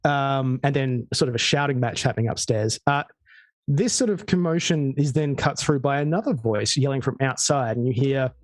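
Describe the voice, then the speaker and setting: A man with an Australian accent, narrating a tabletop game as game master, relaxed and full of fillers. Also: mid-range voice, normal speed, no echo, faint music behind. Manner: relaxed storytelling with frequent fillers.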